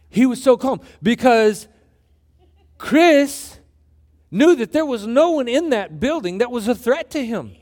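A man preaching a sermon as a pastor, telling a story with animated, joking, emphatic delivery. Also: a little high, normal speed.

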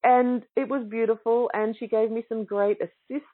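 A woman speaks at a moderate pace in a fairly high voice with fairly even intonation, giving yoga teachers a casual, enthusiastic anecdote about a yoga class. She acts out others' lines in a chatty manner. The online call audio is narrow and phone-like.

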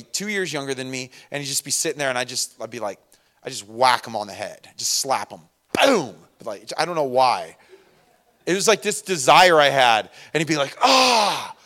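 A man preaching a relaxed, conversational sermon, full of asides and personal stories. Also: a little high. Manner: conversational, many fillers and asides. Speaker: pastor. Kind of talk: casual sermon.

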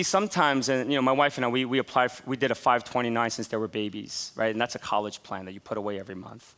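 A pastor in his forties preaching a sermon, telling stories with animated, laughing asides. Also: medium pitch.

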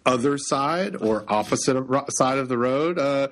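A man co-hosting a podcast in casual chat, joking and halting with many restarts. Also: mid-range voice, expressive. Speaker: podcast co-host.

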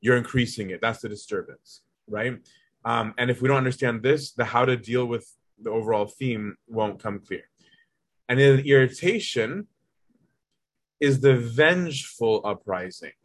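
A man's voice: medium pitch, normal speed, no echo. A man giving a casual spoken teaching, explaining a text in plain everyday examples and often checking in with his listeners. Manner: conversational, keeps checking in with listeners. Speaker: teacher leading a study of an early Christian text.

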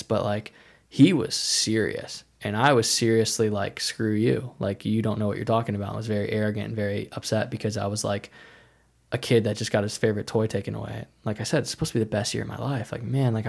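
Gravelly, low-voiced man telling a story. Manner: rambling, heavy use of "like", acts out quoted dialogue. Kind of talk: casual personal storytelling.

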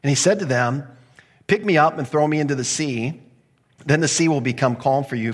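A man preaching a sermon, lively and humorous, acting out the voices of characters as he teaches. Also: medium pitch. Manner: animated, acts out voices of the sailors with humor. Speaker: pastor. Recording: echoey hall with long reverb.

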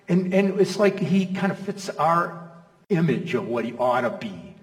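A man's voice: a little high, lively intonation, normal speed. Conversational preacher man in an echoey hall. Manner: conversational, stacks rhetorical questions, checks in with "okay?" and "you know?". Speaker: pastor. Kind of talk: sermon. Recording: echoey hall, mic from far off.

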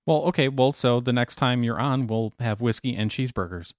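A man's voice: mid-range voice, fairly quick, no echo, clean studio sound. A man hosting a podcast, easygoing, laughing along and plugging the show. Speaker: podcast host. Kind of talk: casual chat.

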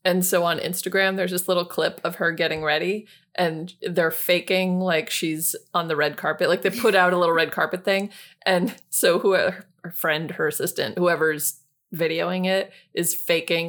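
A woman with a slightly low voice chats from home over a video call. She is relaxed and playful and often pauses to find her words. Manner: relaxed, hesitant with fillers, playful. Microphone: home mic on a video call.

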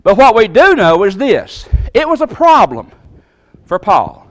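A man preaching a sermon in a Southern American accent, folksy and animated, acting out the voices he quotes. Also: high voice, measured pace, dry recording. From Southern United States.

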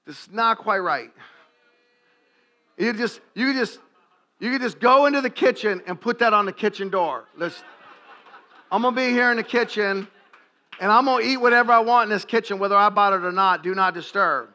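A man preaching a sermon to a congregation, animated and jokey, acting out little scenes. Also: sits high, normal speed, pauses often. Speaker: pastor.

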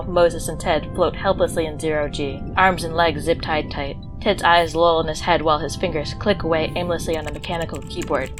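Low-voiced deadpan woman narrator. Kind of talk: mock-serious screenplay narration.

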